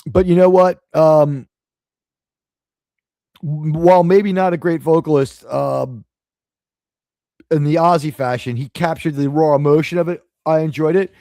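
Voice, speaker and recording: A man's voice: fairly high pitch, steady tone, unhurried, long pauses, warm tone, no room sound. A man from New City, hosting a live stream, talking in a profane, sarcastic, rambling way. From New York City. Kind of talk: casual live-stream rant.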